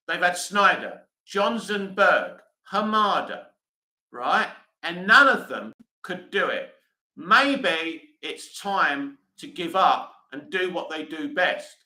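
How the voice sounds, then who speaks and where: A man's voice: high voice, animated, slow pace, sharp tone, roomy sound, poor audio. A British man hosting a live stream, reading comments aloud and answering them bluntly in casual chat.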